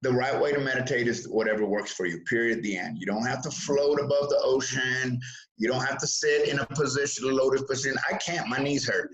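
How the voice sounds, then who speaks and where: A man appears as an interview guest talking about mindfulness, speaking briskly in a mid-range voice. He tells lively stories with chuckles, often restarting sentences and repeating words in a casual way. The recording is rough.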